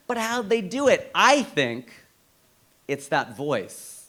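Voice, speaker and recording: An American man works a stand-up crowd in a fairly high, bright voice that swoops up and down. He grows animated and punches his lines with exclamations. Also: slow pace. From United States. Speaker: stand-up comedian. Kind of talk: stand-up comedy routine. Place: comedy stage before a live audience.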